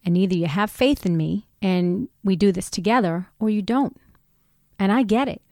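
A middle-aged woman tells her own story with candor, slipping into lively voiced quotes. Her voice sits at an ordinary middle pitch. The sound is dry and close. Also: moderate pace, no echo. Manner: candid, animated retelling with voiced quotes. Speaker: guest. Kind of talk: personal storytelling in conversation.

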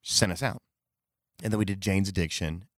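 A man with a very low voice tells a loose, casual anecdote. He rambles, corrects himself and swears freely. The recording is dry with no room sound. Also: fairly even intonation, moderate pace, fairly bright tone, no echo. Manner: rambling, with fillers, profanity and self-corrections. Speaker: storyteller.

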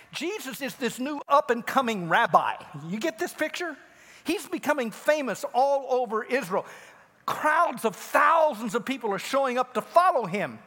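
A man preaching a sermon as pastor, telling a Bible story and acting out the speakers with big swings in pitch. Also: a bit bright. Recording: long hall reverb.

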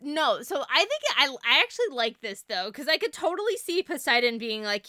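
A woman co-hosting a casual podcast chat about a TV show, animated and acting out lines from it. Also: sits high, brisk, hardly any pauses, dry recording, studio quality. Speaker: podcast co-host.

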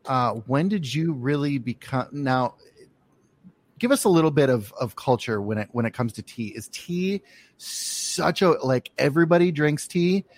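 A man's voice: medium pitch, expressive, moderate pace, no echo. A man hosting a casual interview, talking with many fillers and restarts as he asks questions. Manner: hesitant, lots of fillers and restarts. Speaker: podcast host.

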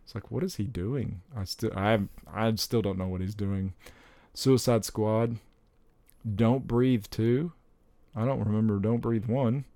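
A young man talks casually and rambles, breaking into excited exclamations. His voice sits low and gravelly with a dark, mellow tone. The recording is dry and close. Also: unhurried, no echo. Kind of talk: casual chat about upcoming movies.

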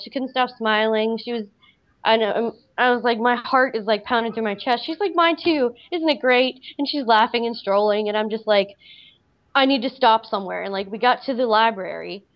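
A woman casually telling a personal story, rambling with many "like" fillers. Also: on the high side. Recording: slightly dull lo-fi audio.

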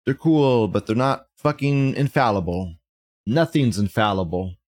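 A man's voice: medium pitch, a little slow, darkish tone, dry recording. Guy hosting his show, swearing a lot, rambling and blunt, dry sound. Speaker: show host. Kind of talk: casual monologue.

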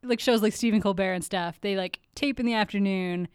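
A woman's voice: medium pitch, brisk, clear, resonant tone, dry recording, clean studio sound. A woman co-hosting a podcast, recapping a TV episode in casual chat and laughing often. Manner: giggly, laughs often between lines. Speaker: podcast co-host.

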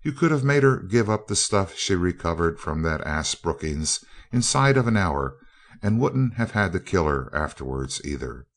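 A man reading as a cold, calm scientist villain. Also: deep voice, moderate pace, full character voice. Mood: coldly calm. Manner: cool, even and clipped. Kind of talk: audiobook character voice.

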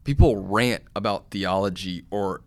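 A man with a lowish voice talking about faith on a casual podcast. He gets animated as he goes and builds to fired-up emphasis. He speaks as a co-host answering his partner. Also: measured pace, dry recording.

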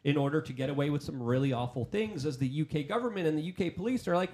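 A man in mid-pitch range co-hosting a political talk podcast, arguing his case with emphasis. He stacks repeated phrases as he drives his point home. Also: rapid-fire, hardly any pauses, a little mellow. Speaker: podcast co-host. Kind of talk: political discussion.

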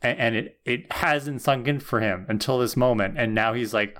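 A man's voice: mid-range voice, normal speed, a bit bright. A man co-hosting a podcast, talking through a TV episode in a thoughtful, tired way, often adding "right?". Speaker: podcast co-host. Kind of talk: casual recap chat.

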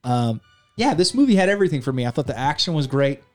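A man's voice: fairly high pitch, very animated, quick pace, faint music behind. A man co-hosting a podcast, casually recapping a movie, acting out scenes and laughing, with light swearing. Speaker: podcast co-host. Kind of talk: casual movie review chat.

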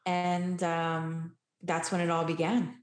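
A woman's voice: lowish voice, completely flat delivery, slow pace. A woman guest candidly and earnestly telling her personal recovery story. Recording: roomy echo.

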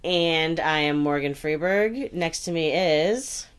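Low-voiced woman rambling in casual chat. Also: slow, clean tone. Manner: rambling with many "like" fillers, laughs often. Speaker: podcast co-host.

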